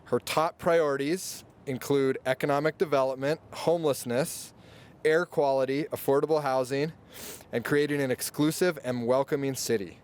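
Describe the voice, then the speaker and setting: A man's voice: mid-range voice, steady tone, normal speed, darkish tone. A man emceeing an outdoor press event, reading speaker introductions with a light, self-deprecating touch.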